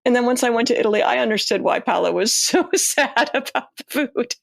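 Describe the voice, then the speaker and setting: Gravelly-voiced woman guest, chatty. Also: a little high, a little fast, no room sound. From United States. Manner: chatty, animated storyteller with frequent restarts. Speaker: astronaut guest. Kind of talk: casual conversation.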